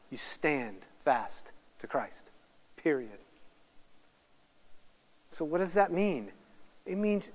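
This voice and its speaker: High-voiced animated male preacher, reverberant hall. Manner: swings from hushed to loud, rapid excited asides. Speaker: guest speaker at a Bible study. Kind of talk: animated Bible teaching. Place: church hall or meeting room.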